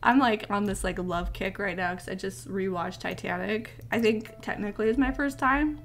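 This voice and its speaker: A woman giving casual let's-play commentary, chatty and excitable as she reacts aloud to the game. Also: mid-range voice, moderate pace. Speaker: gaming video creator.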